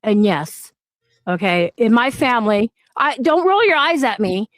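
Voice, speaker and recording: A woman's voice: on the high side, big pitch swings, unhurried, no room sound. A woman on an online panel, defending herself and insisting on her point. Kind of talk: heated argument.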